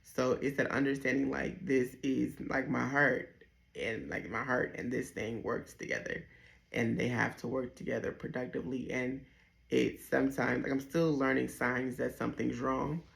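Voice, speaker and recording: A young man candidly telling his personal story, hesitant, with many pauses and restarts. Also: medium pitch, fairly even intonation, gravelly, a bit bright. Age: young adult. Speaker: vlogger sharing his dialysis story.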